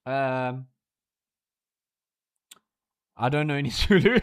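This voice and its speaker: A man commentating a live race for his stream in a high voice. His pitch leaps all over as he rants, swears and gets worked up. The sound is dry and close, with no room echo. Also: moderate pace. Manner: ranting, profane, excitable.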